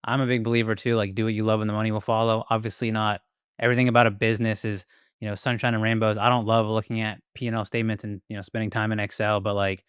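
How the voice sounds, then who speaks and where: A man's voice: on the low side, flat delivery, fast, smooth, no echo, clean studio sound. A man hosting a podcast, talking in a laid-back, casual way and leaning on "like" as a filler. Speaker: podcast host. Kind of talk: casual interview chat.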